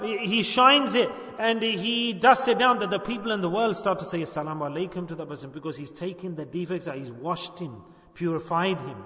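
A man's voice: sits high, sharp tone. A man giving a sermon as a religious teacher, preaching and often checking whether his listeners follow with rhetorical questions. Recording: echoey hall, speaker far from mic.

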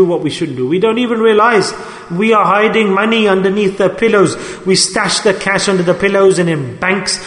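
A man preaches a sermon in a high voice, stretching his phrases into a sing-song cadence. His voice rings around a large, echoey hall with a long reverb tail. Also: fairly bright tone.

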